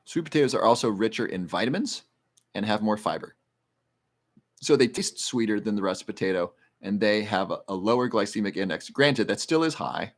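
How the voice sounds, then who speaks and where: A man with a fairly low voice hosts a casual livestream. He reads viewer questions aloud and answers them in a loose, rambling way, explaining health research in plain terms. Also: expressive, a little fast.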